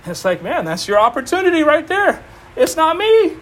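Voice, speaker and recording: A man preaching an informal sermon, animated and emphatic, repeating phrases and laughing often. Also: very high voice, normal speed. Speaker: preacher teaching a Bible study.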